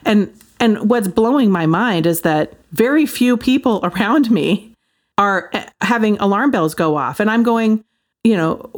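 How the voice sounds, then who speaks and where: A woman talking straight to viewers in a casual monologue, telling a story in a chatty, animated way as a Christian commentator. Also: mid-range voice, moderate pace. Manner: animated, chatty storytelling with quoted voices and laughs.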